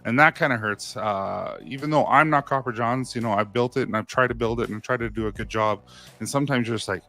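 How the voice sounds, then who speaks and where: A man's voice: medium pitch, a little fast, sharp tone, faint music behind. A man in his thirties hosting a live stream, telling stories in a casual, earnest, rambling way with frequent restarts. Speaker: live stream host answering viewer comments.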